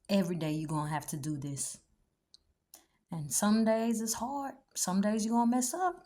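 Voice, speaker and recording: A woman's voice: medium pitch, darkish tone. A woman talks straight to her listeners about trust and faith, blunt and preachy with slangy asides. Her colors every line. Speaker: speaker giving encouragement. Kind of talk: motivational faith talk.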